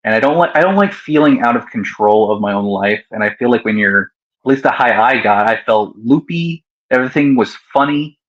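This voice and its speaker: A man's voice: mid-range voice, animated, brisk, lo-fi sound. Easygoing young man, laughing often. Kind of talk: casual chat.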